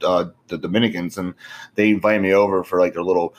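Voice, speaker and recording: Low-voiced, profane young man. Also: steady tone, quick pace. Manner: profane, rambling, laughs often, says "bro". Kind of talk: casual chat.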